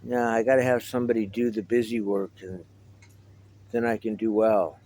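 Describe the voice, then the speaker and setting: A man's voice: fairly low pitch, level tone, normal speed, darkish tone, a little hiss or hum, rough recording. Rambling middle-aged man, wry vlog. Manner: meandering, reminiscing, wry asides. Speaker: vlogger. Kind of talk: casual rambling monologue to camera.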